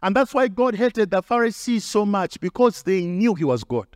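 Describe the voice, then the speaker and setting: High-pitched guy preaching hard, repeats lines for punch, close dry mic. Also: animated, moderate pace, smooth, no echo. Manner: emphatic preaching with repetition and acted quotes. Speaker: pastor. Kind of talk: sermon.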